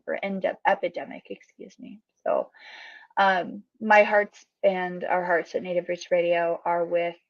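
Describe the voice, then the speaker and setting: Gravelly low-voiced woman reading radio news. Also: dry recording. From northern Minnesota, USA. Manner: calm and earnest, with frequent "um"s and "uh"s. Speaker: news presenter on a radio show. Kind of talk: radio news segment, partly read. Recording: dull, lo-fi and dry.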